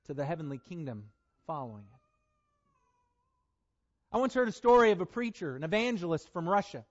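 A man preaching a sermon, reading scripture aloud in a deliberate, emphatic way. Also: sits high, darkish tone, muffled recording.

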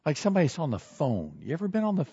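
A man preaching a sermon with a husky, slightly breathy voice and a pitch that leaps up and down as he acts out little everyday scenes. He sits a touch higher than most men. The recording sounds slightly muffled and dull. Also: huge pitch swings, fast, mellow. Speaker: pastor.

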